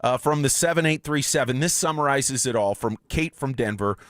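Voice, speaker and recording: A man hosting a sports radio show in a studio, chatting excitedly and reading out listener texts. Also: mid-range voice, fairly quick, no room sound. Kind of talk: casual sports radio chat. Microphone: studio microphone.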